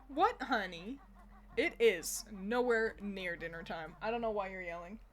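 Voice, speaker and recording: Gaming at home on stream, a young woman talks to her cat in a playful way and swears freely into her desk mic, keeping up casual commentary. She speaks a little slowly in a mid-range voice.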